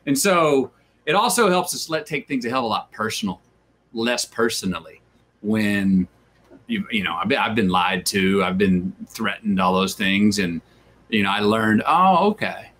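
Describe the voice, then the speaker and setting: A man's voice: on the low side, normal speed, fairly bright tone, slight background noise. A man, an actor as an interview guest, talking in a drawling, reflective way, repeating words and acting out the voices he quotes. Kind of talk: reflective conversational storytelling.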